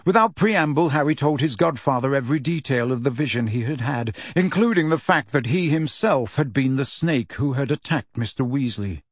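This is scripted audiobook narration by a man with a mid-range voice, recorded dry with clean studio quality. He tells the story in an even, measured way.

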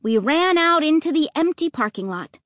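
A woman reading a children's story aloud, expressive and lively, acting out the dialogue. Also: high voice, moderate pace, no echo, clean studio sound. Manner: lively, voicing dialogue with rising excitement. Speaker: audiobook narrator.

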